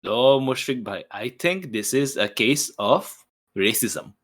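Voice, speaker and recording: A man's voice: mid-range voice, animated, slow, fairly bright tone. A man voicing an overly polite, formal male artist companion with stilted, fussy phrasing. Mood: courteous.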